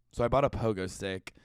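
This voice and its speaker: A man's voice: lowish voice, clean tone, no echo, studio quality. A young man hosting a podcast, rambling through a casual comedic monologue with heavy swearing and constant "like" fillers. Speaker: podcast host.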